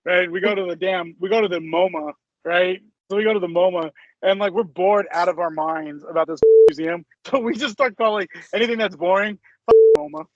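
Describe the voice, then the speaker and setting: A man in casual podcast chat, telling an animated story with laughs and swearing. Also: high-pitched, brisk, hardly any pauses, no room sound, dull audio.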